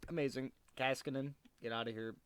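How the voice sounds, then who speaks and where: A man's voice: medium pitch, fairly even intonation, a little fast, a little hiss or hum. A man giving casual commentary while playing a hockey management game, frustrated and swearing, muttering to himself at his desk. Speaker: gaming video creator.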